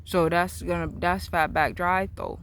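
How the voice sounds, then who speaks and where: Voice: mid-range voice, huge pitch swings, moderate pace, creaky, a bit bright, a little hiss or hum. A vlogger talking in a casual, rambling, repetitive monologue outdoors in a backyard. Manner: rambling, repetitive, free-associating.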